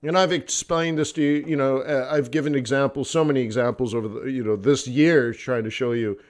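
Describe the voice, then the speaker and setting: A man's voice: medium pitch, steady tone, fairly quick. A man hosting a live forex trading stream, talking casually, laughing often between loose, rambling thoughts. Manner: chatty, laughs often, fillers and restarts.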